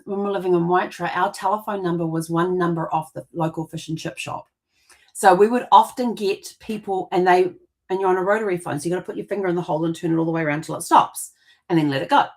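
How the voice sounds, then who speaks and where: A middle-aged woman, hosting a family history show and telling rambling childhood stories with restarts and laughter. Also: on the low side. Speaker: genealogy podcast host. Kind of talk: casual storytelling monologue.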